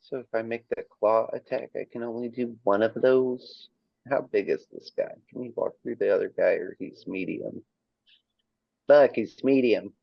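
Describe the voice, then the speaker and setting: A man's voice: mid-range voice, fairly even intonation, normal speed, gravelly, dry recording, dull audio. A man running a tabletop game as dungeon master, casual and matter-of-fact, laughing with his players.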